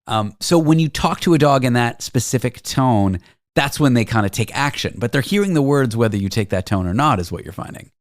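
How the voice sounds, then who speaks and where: Male host, chatty and curious, animated pitch, dead dry studio sound. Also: brisk, dry recording. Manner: curious, lively, joking asides. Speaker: radio show host. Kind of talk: interviewing a guest.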